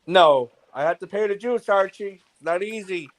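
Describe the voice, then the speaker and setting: A man's voice: high-pitched, moderate pace. A man, a guest tradesman chatting casually in folksy plain sayings. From New York. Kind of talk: casual chat.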